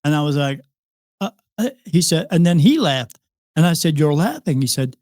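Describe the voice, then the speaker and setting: A man's voice: on the high side, very animated, normal speed, a little mellow, dry recording, clean studio sound. A man, a psychic medium, telling a long story as a podcast guest, rambling with restarts and acted-out dialogue. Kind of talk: casual interview storytelling.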